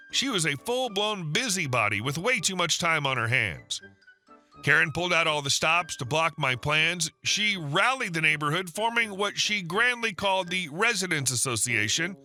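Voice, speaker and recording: A man narrating online stories in a scripted way, with wry deadpan asides. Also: high voice.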